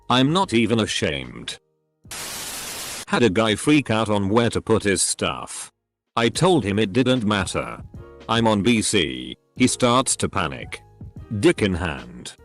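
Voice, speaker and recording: Low-voiced man reading online stories. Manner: reads out abbreviations letter by letter. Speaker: narrator reading online posts. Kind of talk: scripted reading of anonymous stories.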